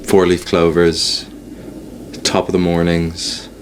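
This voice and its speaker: An Irish man answering interview questions, explaining things in a relaxed, measured way. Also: low voice. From Ireland. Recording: faint background noise.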